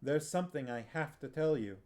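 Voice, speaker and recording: A man's voice: on the high side, animated, moderate pace, darkish tone, close to an everyday voice. A man reading aloud, voicing an urgent, insistent teenage boy hero.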